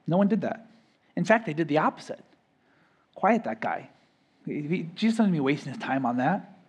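Preaching emphatically in a slightly high voice, a man delivers a sermon as pastor. His key phrases rise and grow louder, then fall soft again, and he often repeats words while building a point.

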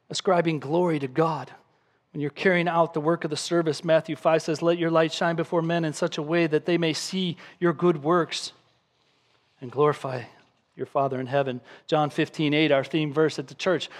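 A man preaching a sermon as pastor, reading scripture aloud and building points with emphatic repetition. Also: on the high side. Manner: emphatic preaching, acts out a crying baby with shouts.

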